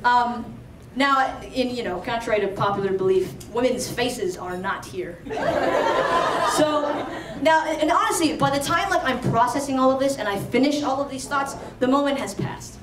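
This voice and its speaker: A woman telling a true story at a live storytelling event, chatty and animated with lots of "like.". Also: sits high, moderate pace, background noise. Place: storytelling stage before an audience. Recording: roomy, distant live-stage mic.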